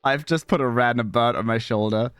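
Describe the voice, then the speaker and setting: A young man streaming live, chatting with viewers while fighting broken software, scattered and exasperated, cursing and leaping from mumbles to high squeaky outbursts. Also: a little fast, smooth, no room sound, studio quality, soft background music. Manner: scattered and exasperated, swearing at tech trouble. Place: home streaming setup.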